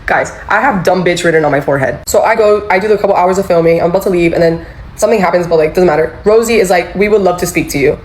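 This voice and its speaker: Animated young woman telling a story. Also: lowish voice, quick pace, low-quality recording. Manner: animated, acts out quotes, swears. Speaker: former employee telling her story. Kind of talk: casual storytelling.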